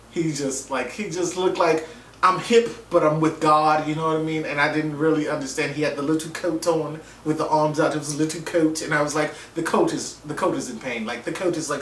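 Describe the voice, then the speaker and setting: A man's voice: a little high, moderate pace, a little hiss or hum. A man giving a casual, joking, profane recap of a TV episode and acting out what people said. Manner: animated, joking, profane, acts out quotes. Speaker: vlogger reviewing a TV episode. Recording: roomy, distant mic, faint ambience.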